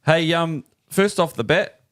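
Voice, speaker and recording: A man's voice: a little high, a little slow, a bit bright, clean tone. A man in his thirties with a New Zealand accent, co-hosting a podcast with loose, joking banter. His voice sits a little above the usual male range. He rambles and hunts for the right word. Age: 30s. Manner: jokey, rambling, searches for words. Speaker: podcast co-host. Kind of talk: casual banter.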